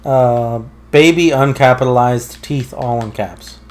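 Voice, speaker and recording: A man's voice: mid-range voice, measured pace, slight background noise. A man joking along as a friend plays a video game, full of sarcastic, wry asides. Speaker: let's play co-host. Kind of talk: casual gameplay commentary.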